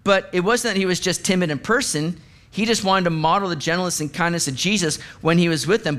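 High-voiced man preaching conversationally. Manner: conversational, animated preaching with acted asides. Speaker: pastor. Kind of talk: sermon.

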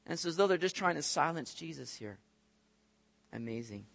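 A man preaching a sermon, reading scripture and explaining it, acting out little scenes in lively raised voices. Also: on the high side, moderate pace, creaky. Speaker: pastor. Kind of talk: expository sermon.

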